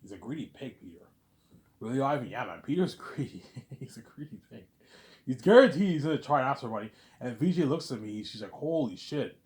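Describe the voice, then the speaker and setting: A man's voice: mid-range voice, very animated, quick pace, darkish tone. A man ranting casually in a rambling, repetitive way, swearing often and saying "man" a lot. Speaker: vlogger.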